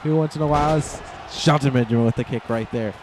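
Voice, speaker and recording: A man with a mid-range voice gives fast, rambling play-by-play of a wrestling video game against a noisy background. He gets excitable and yells during the big moves.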